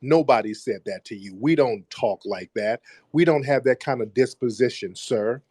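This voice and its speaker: A man's voice: mid-range voice, normal speed, darkish tone, breathy edge, no echo. A man hosting a call-in debate show, blunt and dismissive, repeating his points over and over. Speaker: host.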